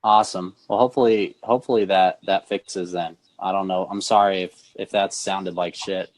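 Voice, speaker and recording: Casual guest on a video call, lowish male voice, dry close sound, hesitant and repetitive. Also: fairly even intonation, normal speed, no room sound. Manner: hesitant, repeats words while explaining. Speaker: phone screen refurbisher guest. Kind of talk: casual live-stream chat.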